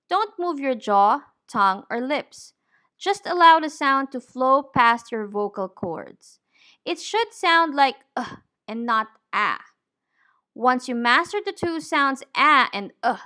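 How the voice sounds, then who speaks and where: Slow, bright-voiced woman teaching pronunciation. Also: high-pitched. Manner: deliberate, enunciates each word clearly. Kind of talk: slow, careful pronunciation lesson.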